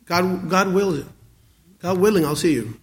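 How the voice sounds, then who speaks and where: A man in his forties preaching a sermon, earnest, with many stammered restarts and swings between loud emphasis and quiet asides. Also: high-pitched, normal speed. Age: 40s. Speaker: pastor.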